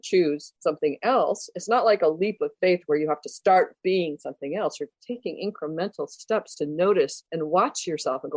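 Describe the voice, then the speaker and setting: A woman's voice: lowish voice, fairly quick, hardly any pauses, a little mellow, dry recording. A woman coach speaking emphatically as an interview guest, telling stories with animation. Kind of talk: interview conversation.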